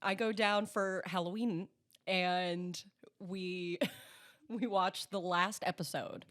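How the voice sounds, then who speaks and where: A woman co-hosting a podcast, telling a story in casual chat, animated, laughing often and swearing freely. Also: fairly low pitch, slow pace. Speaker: podcast co-host.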